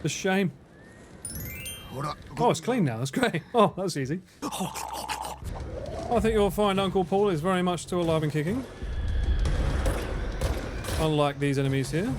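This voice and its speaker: A man livestreaming a game, excitable, swearing and laughing often as he chats. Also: sits high, a little slow, long pauses, over music. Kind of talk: casual gaming livestream chat.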